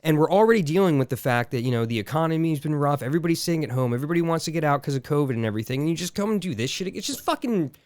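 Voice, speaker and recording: A man's voice: fairly high pitch, lively intonation, rapid-fire, hardly any pauses, a little mellow, dry recording. Exasperated man rambling on a podcast. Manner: rambling, exasperated, lots of fillers and restarts. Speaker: podcast co-host. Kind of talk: casual chat.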